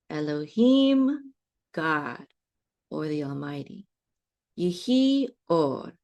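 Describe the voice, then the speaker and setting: A woman teaching a slow, patient lesson on reading Bible Hebrew, often stopping to check in with her listeners and restarting her phrases. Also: fairly low pitch.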